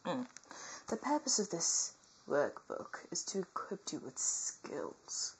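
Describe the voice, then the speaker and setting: A woman reading a nursing workbook aloud as comedy, with theatrical asides that swing between whispers and loud outbursts. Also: fairly low pitch, very animated, slow pace, a little hiss or hum, low-quality recording.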